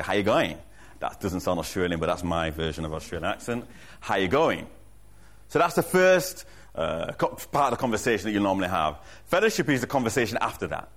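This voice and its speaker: A man's voice: lowish voice, fairly bright tone. A man preaching a sermon as pastor, earnest and emphatic, repeating his key lines and often restarting a phrase mid-thought. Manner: frequent restarts and self-corrections. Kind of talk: sermon to a congregation.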